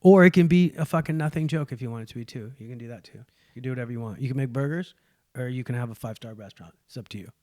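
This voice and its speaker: A man's voice: medium pitch, very fast, no room sound, studio quality. A man, a guest comedian, chatting casually on a podcast and acting out quotes as he tells stories. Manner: animated storyteller, acts out quotes.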